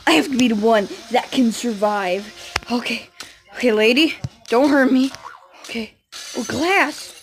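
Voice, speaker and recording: A woman's voice: a little high, unhurried, soft background music, poor audio. Giggly woman doing gameplay commentary. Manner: giggly, playful, says random jokes. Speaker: gaming channel host.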